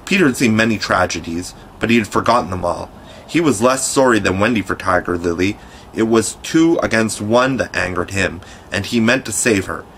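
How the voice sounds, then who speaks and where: A man narrating an audiobook with a fairly low voice. His reading is measured and steady, in a classic storybook manner. A faint hiss sits behind him. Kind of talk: scripted narration.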